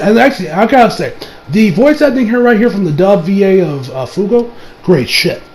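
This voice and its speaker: A man's voice: high-pitched, lively intonation, a little fast, a little mellow, slight background noise, poor audio. A man giving a casual episode recap as an anime reviewer, rambling, laughing and swearing as he goes.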